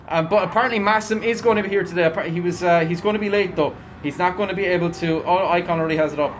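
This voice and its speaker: A young man with a high voice commentates a live racing stream, upbeat and chatty as he keeps calling out to his viewers. Faint noise hums underneath. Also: very fast. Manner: upbeat, chatty, talks to chat.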